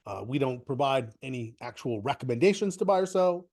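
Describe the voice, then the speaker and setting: A man's voice: mid-range voice, expressive, fairly quick, a little mellow. A middle-aged man with a cold, stuffy and coughing now and then, hosting a live market webinar in a rambling, chatty way that often restarts sentences. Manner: rambling, self-correcting, chatty. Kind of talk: casual live webinar talk.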